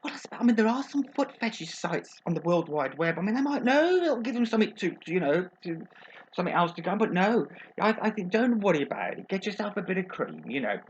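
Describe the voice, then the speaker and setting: A man plays a gossipy middle-aged Birmingham agony aunt in a comic advice monologue, full of innuendo and constant darlings. His voice sits high with big pitch swings at a fairly quick pace, and the lo-fi recording carries a little hiss or hum.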